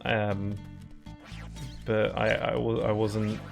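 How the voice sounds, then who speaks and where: Young British streamer with a posh-leaning accent. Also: male voice, fairly low pitch, completely flat delivery, slow pace, gravelly, music in the background. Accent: British, somewhat posh. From Britain. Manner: rambling, chatty, frequent fillers and laughs. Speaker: game streamer. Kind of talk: casual live-stream chat over gameplay.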